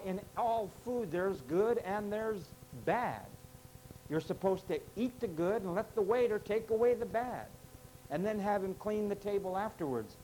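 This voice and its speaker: Male preacher, high voice, forceful sermon delivery, rhetorical questions. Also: a little hiss or hum, low-quality recording. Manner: emphatic, rhetorical questions to congregation. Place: church with parking lot.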